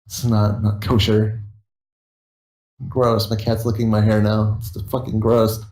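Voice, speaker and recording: A man's voice: on the low side, completely flat delivery, unhurried, darkish tone. A tired young man rambling casually and swearing freely as he chats with his viewers. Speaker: YouTuber streaming to viewers. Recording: roomy echo.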